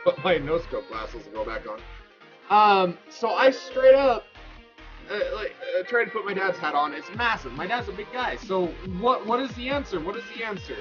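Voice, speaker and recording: High-voiced man rambling to his stream chat. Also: normal speed, highs cut off, faint music behind. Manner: rambling, excitable, lots of fillers and restarts. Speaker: Twitch streamer. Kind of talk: casual storytelling to stream chat.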